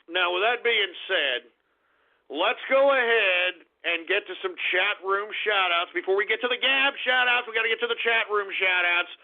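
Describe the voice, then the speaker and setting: Casting note: loud-mouthed male talk-radio host, high-pitched and gravelly, mocking and crude, phone-quality sound. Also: normal speed. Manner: brash, profane, mocking. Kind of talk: irreverent call-in radio monologue. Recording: tinny phone-line radio stream.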